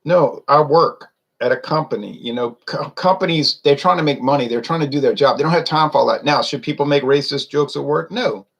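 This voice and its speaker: An American man rants to camera in a casual monologue, opinionated and rambling, tossing out rhetorical questions. His voice is a little high and brisk, with vocal fry.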